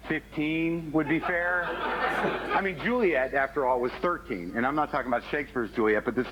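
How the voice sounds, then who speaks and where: A man comedian on a panel show, giving a mock-serious pitch in a wry, earnest tone and chuckling at his own jokes. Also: brisk, muffled recording, crowd noise. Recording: TV audio with background noise.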